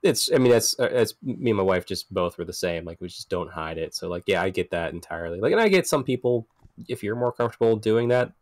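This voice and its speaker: A man's voice: fairly low pitch, expressive, fast talker, dry recording, clean studio sound. A man guesting on a casual podcast, talking in a blunt, laid-back way and laughing often.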